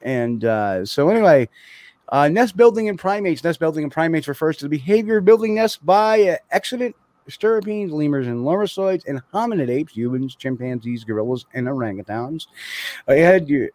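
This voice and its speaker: A man's voice: a little high, animated, fairly quick, darkish tone, dry recording. A man hosting a podcast, chatting casually with many restarts and fillers before reading out notes. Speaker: podcast host. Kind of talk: casual chat.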